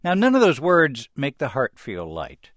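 A man's voice: mid-range voice, wildly swooping pitch, measured pace, a bit bright, dry recording. A man from the US Midwest hosting a studio interview, a polished, good-humoured presenter. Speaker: TV host. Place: broadcast studio.

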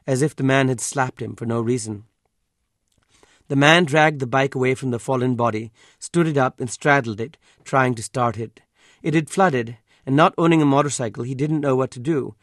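A man narrates an audiobook in a steady, measured way. His voice sits in a middle pitch, and the recording is dry and close with no room sound. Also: no echo. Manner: measured, even storytelling.

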